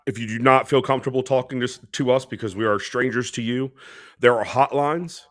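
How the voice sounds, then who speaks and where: A man's voice: mid-range voice, a little fast, fairly bright tone, no room sound, clean studio sound. A man co-hosting a podcast, speaking in an earnest, heartfelt way with frequent "you know" fillers. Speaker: podcast co-host. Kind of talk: casual podcast talk.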